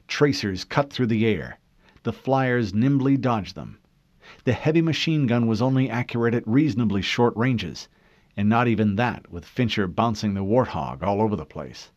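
Male narrator, low and lively delivery, measured dramatic reading, dry dull sound. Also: no room sound. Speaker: audiobook narrator. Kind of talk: scripted narration.

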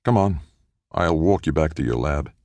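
A man's voice: a bass voice, animated, a little mellow, no room sound. A man voicing a cheerful, meddling male anthropologist who heads a team, in an audiobook reading. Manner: brisk, cheerful, knowing.

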